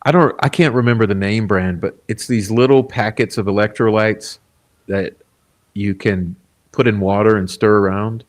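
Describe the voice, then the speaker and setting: Hosting a casual livestream, a relaxed man reads out viewer comments in a fairly low voice with fairly even intonation. He talks at normal speed, rambling with plenty of fillers and frequent chuckles.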